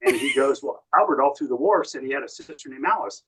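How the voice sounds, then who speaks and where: An American man tells long, winding stories as a podcast guest. His voice sits at a plain, middle pitch. He keeps slipping into quoted lines from other people as he goes. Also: lively intonation, fast, a bit bright, slightly rough, rough recording. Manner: long anecdotal storytelling, quoting others. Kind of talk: casual storytelling.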